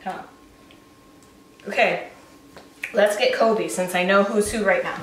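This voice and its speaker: A woman breeder chatting casually as she shows a litter of puppies, often cooing at them in a high baby-talk voice. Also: slow, pauses often, noisy background. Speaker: dog breeder showing a puppy litter. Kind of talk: casual vlog chat. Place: indoor room with the puppies. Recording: roomy, distant camera sound.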